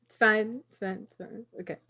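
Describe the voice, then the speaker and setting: A woman with a mid-pitched, everyday voice who keeps things moving. She guides her friends through a tabletop game on a livestream, upbeat and chatty. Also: fairly even intonation, fairly quick, vocal fry, a crowd in the background. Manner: upbeat, guiding others along. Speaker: game organizer.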